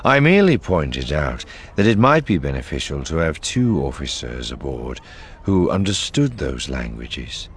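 Man playing a cool, formal alien officer for an audiobook: deep, slow, precise. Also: very animated, slight background noise, exaggerated voice. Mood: measured. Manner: measured, formal, unhurried. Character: calm formal male alien naval officer. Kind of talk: audiobook character voice.

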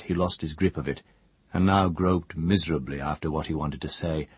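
A man narrating a fantasy audiobook in a measured, even storytelling manner. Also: a bass voice, breathy edge, no echo. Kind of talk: scripted narration.

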